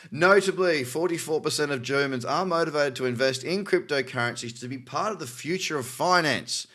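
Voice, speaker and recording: A man's voice: fairly high pitch, brisk, hardly any pauses, sharp tone. A man with an Australian accent hosting a crypto news show, reading articles aloud and adding cynical, chatty asides. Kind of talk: casual news commentary.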